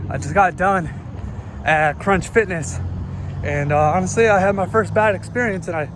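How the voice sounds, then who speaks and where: A vlogger from the northern United States rants casually to camera, out of breath after a workout, his high-pitched voice at normal speed picked up through an earbud mic with background noise. He rambles, swears and keeps interrupting himself.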